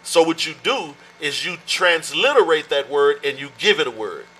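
Guy preaching, kinda high voice, drags words out slow to make a point. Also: slightly rough, low-quality recording. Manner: teaching, animated with sudden slow emphatic stretches. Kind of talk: sermon.

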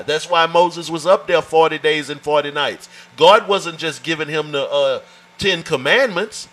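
A man's voice: on the high side, a little slow, pushed and bright, low-quality recording. A man teaching a Bible study in an emphatic, folksy way, often calling out "watch this" and "amen" to his listeners. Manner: informal, folksy phrasing.

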